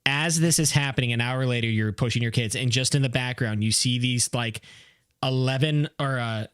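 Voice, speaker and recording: A man's voice: medium pitch, moderate pace, a bit bright, smooth, no echo, clean studio sound. A man co-hosting a podcast in casual comedic chat, playfully riffing on jokes and eagerly agreeing. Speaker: podcast co-host.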